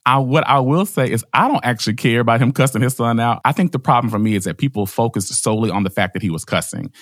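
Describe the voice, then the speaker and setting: A man co-hosting a casual podcast chat, animated and laughing, acting out quotes in a high voice. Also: quick pace, dry recording, clean studio sound. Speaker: podcast co-host.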